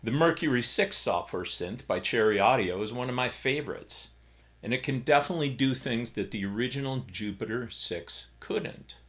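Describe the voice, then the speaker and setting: A man's voice: mid-range voice, lively intonation, moderate pace, a bit bright. A middle-aged man casually explaining music gear in a vlog from a small home studio, with wry, self-deprecating humor. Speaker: keyboard YouTuber.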